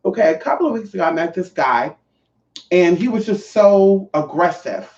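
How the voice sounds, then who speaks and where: A woman's voice: fairly low pitch, animated, moderate pace, a little mellow. Sassy, profane trans woman vlogger. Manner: sassy, profane, calls the viewers honey and y'all. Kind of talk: casual storytelling to viewers. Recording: echoey, distant, dull sound.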